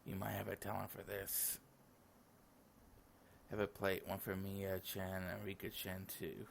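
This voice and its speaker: A man's voice: sits low, monotone, measured pace, vocal fry, slight background noise. A sleepy young man reading all the lines of a visual novel aloud in his own voice, with casual asides. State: sleepy, yawning. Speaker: gaming channel host.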